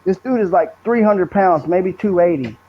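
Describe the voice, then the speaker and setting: High-voiced man telling blunt stories. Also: animated, normal speed, slight background noise. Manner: earnest, blunt, rambling Southern storytelling. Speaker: guest, brother of the subject. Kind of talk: emotional storytelling in a podcast interview. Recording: dull lo-fi recording.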